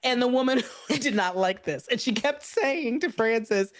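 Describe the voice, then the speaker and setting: A woman's voice: a little high, measured pace. A woman co-hosting a comedy podcast, telling a story with lots of laughter and acted-out quotes. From United States. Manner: animated, laughing often, acts out quoted voices. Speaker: podcast co-host.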